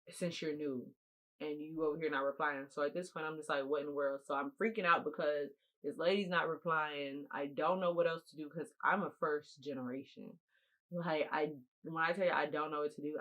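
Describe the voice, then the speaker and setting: A woman's voice: deep voice, a bit bright, low-quality recording. A young woman telling a casual storytime to her viewers, eating as she talks, repeating phrases for emphasis and speaking straight to the audience. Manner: eating while talking. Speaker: storytime vlogger.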